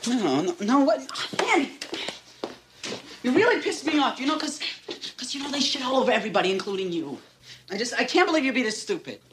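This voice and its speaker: Quirky lovesick teen best friend, stammering and hurt, high lively voice, old film audio. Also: male voice, brisk. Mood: hurt, angry. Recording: played film clip with faint noise.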